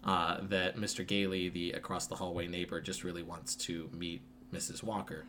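Laid-back, rambling low-voiced man. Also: level tone, moderate pace, fairly bright tone, a little hiss or hum. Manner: rambling, laid-back, profane, lots of fillers. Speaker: podcast co-host recapping a film. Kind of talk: casual retelling with acted quotes.

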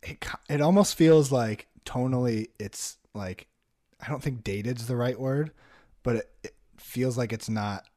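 A man's voice: medium pitch, a little slow, warm tone. A man co-hosting a casual music chat, hesitant and searching for words, with dry jokes. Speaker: podcast co-host.

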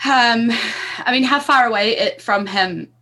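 A woman playing a tabletop game, chatty and giggly. She speaks in a bright, halting way. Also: fairly high pitch. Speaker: player. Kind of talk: casual tabletop play.

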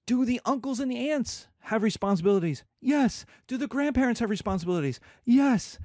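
A man's voice: very high-pitched, expressive, a little fast, a little mellow, dry recording, clean studio sound. A man lecturing as a professor, asking and answering his own questions and acting out little scenes. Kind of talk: lecture to students.

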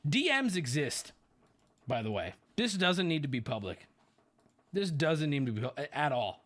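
Animated, bright-voiced male streamer. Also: medium pitch, measured pace. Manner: animated, profane, sarcastic storytelling. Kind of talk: casual commentary.

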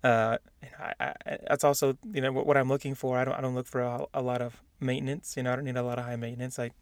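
A man's voice: medium pitch, little pitch movement, rapid-fire, dry recording, studio quality. A man co-hosting a casual podcast chat, talking loosely with frequent restarts and easy laughter. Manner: chatty, laughs often, many restarts. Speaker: podcast co-host.

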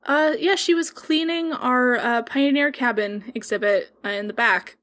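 A woman's voice: sits high, normal speed, fairly bright tone. A woman voicing a nervous male museum worker who hesitates a lot. She barely changes her own voice for him. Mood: flustered. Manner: hesitant, full of ums and uhs.

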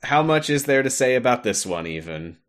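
Podcast co-host, male, lively pitch swings, chatty and animated. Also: a little fast. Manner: animated, laughs often, acts out characters' lines. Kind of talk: casual chat recapping a video game.

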